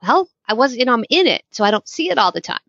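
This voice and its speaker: A woman in her forties hosting a podcast, chatty and animated as she tells stories. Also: on the high side, quick pace, gravelly, no echo. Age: 40s. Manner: chatty, animated storyteller, laughs often. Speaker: podcast host. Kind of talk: casual interview chat. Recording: dull lo-fi sound, dry.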